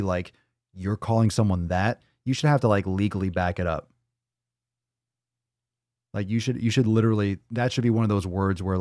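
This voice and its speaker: Hosting a casual livestream, a low-voiced man talks bluntly and rambles loosely, swearing freely. His voice is a little mellow, and the sound is close and dry with no room sound.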